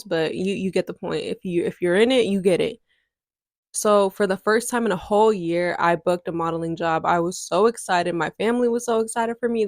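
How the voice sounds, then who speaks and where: A woman's voice: mid-range voice, dry recording, studio quality. A woman, chatting candidly to her viewers in a casual storytime vlog. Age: 20s. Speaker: content creator.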